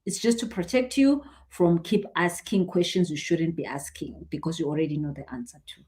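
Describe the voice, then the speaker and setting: A woman, a spiritual healer chatting casually on a live stream, animated and quick to laugh. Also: fairly low pitch. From South Africa. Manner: animated, chatty, laughs often, acts out what people say. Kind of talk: casual live-stream chat answering viewers.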